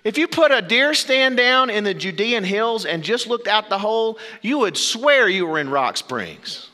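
A male pastor preaches a sermon, his voice high and bright. He moves through dramatic pauses and sudden drops to low, quiet phrases. A long reverb from a big church hall rings behind him. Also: sing-song.

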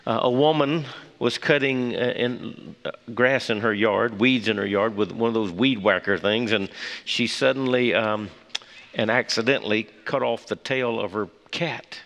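A man leading a morning Bible study, folksy and halting, with many fillers and restarts as he tells a joke and prays. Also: fairly low pitch, creaky, fairly bright tone. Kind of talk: morning devotional talk with prayer. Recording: long hall reverb.

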